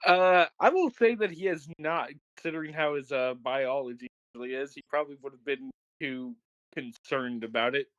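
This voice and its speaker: A man's voice: mid-range voice, normal speed, a bit bright, smooth, dry recording, dull audio. A man playing a tabletop game, speaking casually and hesitantly about his character. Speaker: player.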